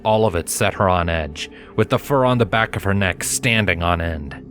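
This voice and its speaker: A man narrating a fanfiction chapter as an audiobook, in a steady, measured storytelling manner. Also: deep voice, faint music behind. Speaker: audiobook reader.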